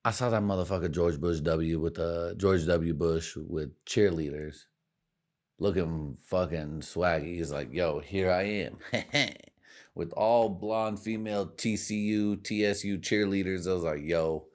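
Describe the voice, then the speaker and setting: A man's voice: low voice, a little slow. A man hosting a podcast, rambling in a casual, profane way and laughing at his own jokes. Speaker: podcast host.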